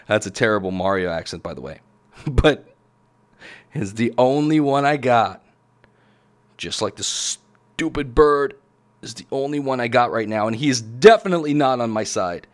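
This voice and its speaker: A man hosting a gaming video, giving excitable gameplay commentary and shouting at the game. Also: medium pitch, normal speed, long pauses. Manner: excitable, yells at the game, chuckles. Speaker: gaming channel host.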